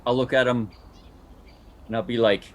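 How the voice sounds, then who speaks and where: A man with a medium-pitched, steady voice speaks at a moderate pace while playing a tabletop role-playing game. As a player, he describes what his character does and drops into short in-character lines.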